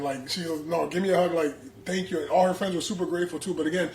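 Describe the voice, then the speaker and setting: Animated slangy comedian in an echoey room. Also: male voice, fairly high pitch, fast talker. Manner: animated, slangy, acts out quotes. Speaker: comedian guest. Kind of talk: casual storytelling. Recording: echoey room with faint background noise.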